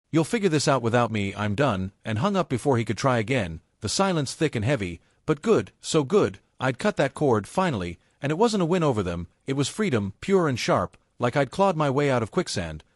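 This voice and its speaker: A man narrating a first-person family drama story in an even, steady storytelling read. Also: medium pitch, normal speed, no room sound, clean studio sound.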